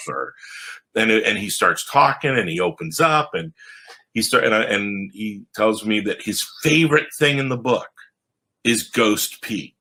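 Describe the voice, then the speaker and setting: Bright, animated man telling stories. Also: a little slow. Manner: animated, acts out quoted voices with big pitch jumps. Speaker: comic book writer, guest. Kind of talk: animated storytelling in a podcast interview.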